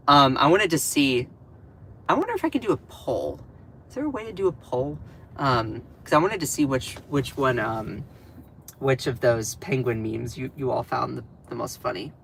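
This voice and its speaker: A man's voice: medium pitch, moderate pace, gravelly, a little hiss or hum. A man hosting a political livestream, chatting casually and sarcastically with his viewers and answering the chat. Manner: sarcastic, animated, talks back to chat.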